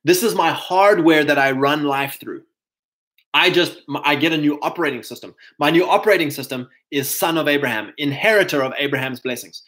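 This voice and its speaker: A man with a South African accent, talking in a casual monologue, animated and mocking, breaking into put-on voices and laughs. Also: on the high side, low-quality recording. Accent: South African English.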